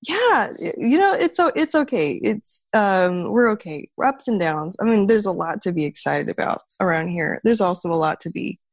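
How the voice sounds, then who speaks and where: A woman's voice: mid-range voice, animated, normal speed, hardly any pauses, no room sound. Woman guest chatting on a call, morning voice, laughs a lot, dry sound. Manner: chatty, laughs often, restarts words. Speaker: podcast guest. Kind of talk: casual conversation.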